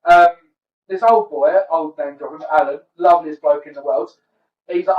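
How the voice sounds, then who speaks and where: High-voiced man telling stories. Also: fairly even intonation, moderate pace, soft background music. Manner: chatty, swearing, storytelling. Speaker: podcast host. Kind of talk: casual chat. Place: comedy venue. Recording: echoey room, far mic, dull sound.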